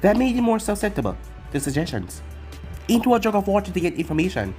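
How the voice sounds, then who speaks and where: A narrator voicing an emotionless young male ninja who speaks flatly and literally. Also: medium pitch, quick pace, soft background music, close to an everyday voice. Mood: deadpan. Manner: flat and literal.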